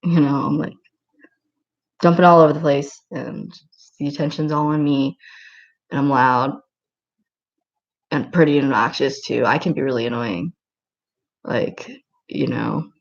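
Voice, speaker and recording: A woman's voice: low-pitched, fairly even intonation, normal speed, long pauses, lo-fi sound. A woman chatting casually on a livestream and reading out comments, rambling and giggling with lots of filler words.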